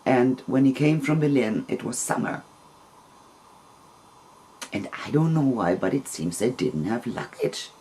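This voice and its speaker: A man telling a long personal story in a casual, rambling, gentle way, with soft laughs between phrases. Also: mid-range voice, expressive, a little slow, pauses often, slight background noise.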